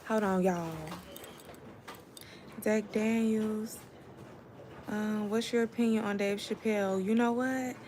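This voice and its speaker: A woman's voice: medium pitch, fairly even intonation, slow, long pauses, a little mellow, a little hiss or hum. A woman, hosting a casual live stream and chatting directly to her viewers. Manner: chatty, addresses viewers as y'all.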